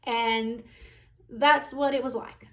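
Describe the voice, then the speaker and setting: Woman, higher voice, earnest testimony. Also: steady tone, slow pace. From Australia. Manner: earnest, heated retelling full of "you know" and "like". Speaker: storyteller recounting her childhood. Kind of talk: personal testimony monologue.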